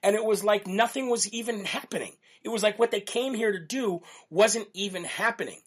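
A man hosting a political talk show, telling a story in an animated way with a lot of repetition for emphasis. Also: high-pitched, a little fast. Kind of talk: live-streamed monologue.

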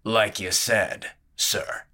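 A man voicing a gruff, brooding older brawler who mutters low and slurs a little in an audiobook. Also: little pitch movement, extremely slow, sharp tone, exaggerated voice.

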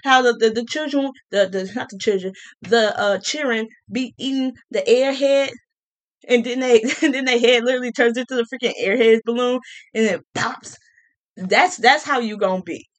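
A woman with a fairly high voice vents to her viewers in a loose, casual rant. She talks sassily and animatedly, restarts often and repeats words, and slips into mocking voices to quote others. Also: moderate pace. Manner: colloquial, with many restarts and repeats. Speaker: vlogger.

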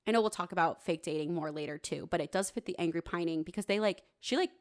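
Young woman, podcast co-host, slightly low pitch, casual chat, animated and profane. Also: fast talker. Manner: animated, acts out quotes, swears casually.

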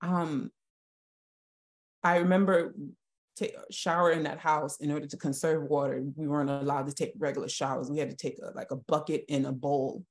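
Low-voiced woman telling a painful story. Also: fairly even intonation. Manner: halting and emotional, with frequent restarts. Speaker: guest sharing her story. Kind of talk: personal testimony in a podcast interview.

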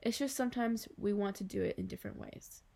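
A woman voicing a cheerful, joking middle-aged father who teases and gets excited. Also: medium pitch, fast, creaky. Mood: gentle. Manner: playful, teasing, excitable.

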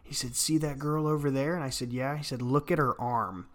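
A man's voice: mid-range voice, steady tone, a little fast, fairly bright tone. Man telling a rambling story. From Arkansas. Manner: rambling, laughs through his stories. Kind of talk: casual storytelling chat.

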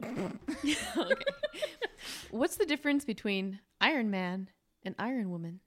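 A woman's voice: a little high, sing-song, a little slow. A woman co-hosting a comedy podcast, teasing and laughing a lot. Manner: playful, teasing, laughs often. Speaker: podcast co-host. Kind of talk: casual comedy chat.

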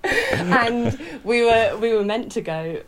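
A woman's voice: on the high side, big pitch swings, takes it slowly, a crowd in the background. An English woman from England, a podcast guest telling a story casually, chatty and teasing, laughing often.

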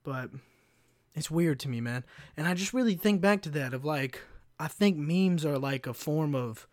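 A man's voice: on the high side, animated, normal speed, darkish tone, no echo, clean studio sound. A man hosting his own podcast, ranting in a casual, sarcastic and heavily profane way. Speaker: podcast host. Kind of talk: casual solo rant.

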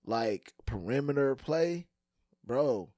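A man's voice: medium pitch, expressive, slow pace, dark tone, no room sound, studio quality. A man co-hosting a podcast, talking basketball in a loose, casual way, restarting and filling with "like" and "you know". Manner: loose, repeats himself, many fillers. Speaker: podcast co-host. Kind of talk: casual sports chat.

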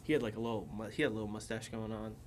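A man co-hosting a podcast, telling animated stories in casual chat and laughing often. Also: lowish voice, rapid-fire, a little hiss or hum. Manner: animated storyteller, laughs a lot. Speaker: podcast co-host.

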